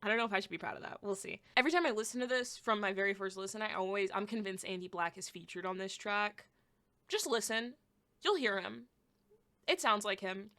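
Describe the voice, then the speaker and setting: A young woman hosting a podcast, giving a casual album review, excitable and blunt, swearing freely as she gushes and rants. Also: medium pitch, a little fast. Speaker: podcast host.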